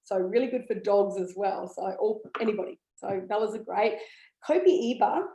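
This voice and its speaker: A woman's voice: medium pitch, steady tone, a little fast, vocal fry, warm tone. A woman giving a casual, enthusiastic talk about essential oils, chatty with many ums and okays. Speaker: essential oil educator. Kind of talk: casual product talk to camera. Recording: echoey room.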